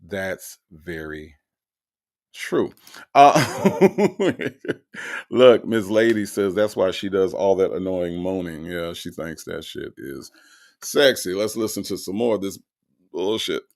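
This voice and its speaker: Male host, gravelly, animated delivery, emphatic and mocking while reading comments. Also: sits low, slow. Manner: reads viewer comments aloud. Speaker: show host reacting to recorded calls.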